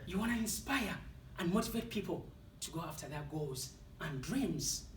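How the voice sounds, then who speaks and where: A man with an African accent giving a motivational speech to an audience in a competition, with dramatic, deliberate delivery and punchy pauses. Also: fairly high pitch, lively intonation, a little hiss or hum. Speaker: motivational speaker. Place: speaking hall with live audience. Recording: echoey hall, voice from far off.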